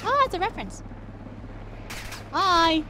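A young woman streaming a shooter game, chatting casually, laughing and talking back to the game with sudden excited yelps. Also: very high voice, takes it slowly, noisy background. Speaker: streamer playing a shooter campaign. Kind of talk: casual let's-play commentary.

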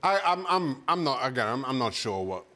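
A man who is a former goalkeeper, speaking on a sports panel in a measured, chuckling way. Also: mid-range voice, very animated, pushed and bright. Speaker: football pundit, former goalkeeper. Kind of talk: panel chat.

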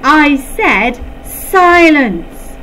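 A woman's voice: animated, slow pace, a little hiss or hum, low-quality recording. A woman voicing a stern male science teacher who barks and bellows his commands. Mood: furious. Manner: booming, barking commands.

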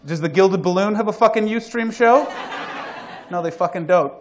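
A Canadian man hosting a live comedy chat show, joking loudly, then dropping into muttered asides. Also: sits high, normal speed, slight background noise. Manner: loud, jokey, swings between shouting hype and muttered asides. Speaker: host. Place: live comedy venue with audience.

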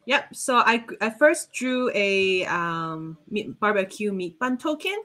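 A woman's voice: medium pitch, expressive, takes it slowly, sharp tone. A woman game designer at home, explaining game pieces and rules with hesitant fillers.

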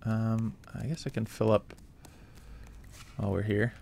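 A man's voice: lowish voice, flat delivery, measured pace, creaky, dark tone, a little hiss or hum. Laid-back man narrating his gameplay. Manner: laid-back, muttering asides to himself. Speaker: let's play gamer. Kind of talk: casual gameplay commentary.

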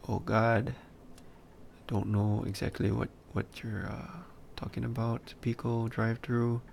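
Unhurried, gravel-voiced male instructor talking through his live modeling session, faint hiss in the recording. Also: fairly low pitch, flat delivery, a little mellow. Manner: muttering, self-talk, dry asides while working. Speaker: 3D modeling instructor streaming a class. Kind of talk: casual live-stream tutorial commentary.

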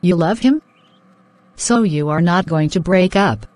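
A woman voicing a stern, caring middle-aged mother in an animated drama, firm and lecturing. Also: lowish voice, a little slow, no echo, lightly acted. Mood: scolding.

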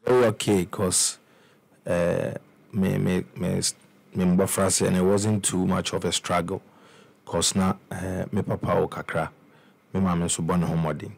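This young Ghanaian man's voice sits low, gravelly and darkish, and he keeps a measured pace and level tone. As a musician guest telling his life story informally, he shifts between English and Twi, frequently restarting and repeating words.

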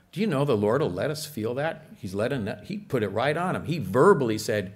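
A man's voice: mid-range voice, expressive, brisk. A man preaching a sermon in a church, conversational and full of rhetorical questions to the congregation. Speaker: pastor.

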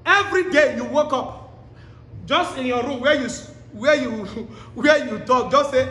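Man, preacher, sermon, very high voice, pleading, exhorting, quizzes the crowd, echoey hall. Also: a little slow. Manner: fervent, pleading exhortation with shouted repeated commands; quizzes the congregation directly. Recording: echoey hall with long reverb.

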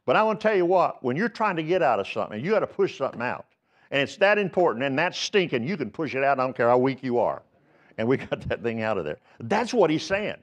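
A man's voice: mid-range voice, sing-song, quick pace, lo-fi sound. A man preaching a sermon as pastor, telling folksy stories and building to emphatic exhortations. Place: church sanctuary.

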